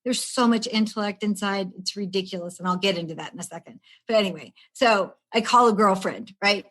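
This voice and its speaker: At a medium pitch and a fairly quick clip, a sixty-something stress management coach recounts her own experiences on a casual podcast. She's animated, imitating the people in her story and laughing along.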